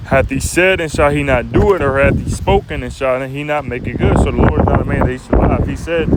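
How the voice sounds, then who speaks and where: Man, informal street preacher, casual halting delivery, reads scripture, medium pitch, loud wind and traffic behind. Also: steady tone. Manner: casual, repeats "man" at line ends, halting fillers.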